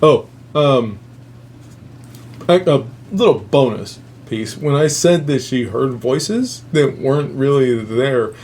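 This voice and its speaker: A man telling a spooky family story in a loose, rambling way, swearing often and chuckling at his own asides. His voice sits at an ordinary middle pitch, with a faint hum of background noise behind him. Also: slow pace, darkish tone. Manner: profane, rambling, laughs at own jokes. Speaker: host. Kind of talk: casual storytelling.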